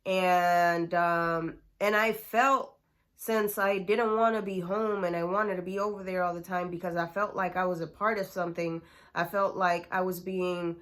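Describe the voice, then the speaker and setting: A woman's voice: on the low side, fairly even intonation, measured pace, a bit bright. A woman telling a personal story in a casual, chatty way, full of slang and fillers. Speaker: storyteller vlogger.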